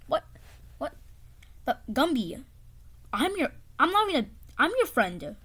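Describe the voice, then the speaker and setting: Woman voicing an anxious clay pony, whiny, hesitant, higher voice, slow, toy play-acting. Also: big pitch swings, a bit bright, heavily acted. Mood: upset. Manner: hesitant and whiny, drops into scared whispers. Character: anxious, jealous clay pony, meek and easily hurt.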